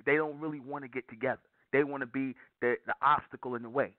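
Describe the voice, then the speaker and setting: A man's voice: medium pitch, steady tone, quick pace, dry recording. A man giving an impassioned, preaching monologue to his listeners, repeating phrases over and over with heavy emphasis. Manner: repetitive, hammering, emphatic with restarts. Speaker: broadcaster addressing listeners. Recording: dry, tinny phone-like sound.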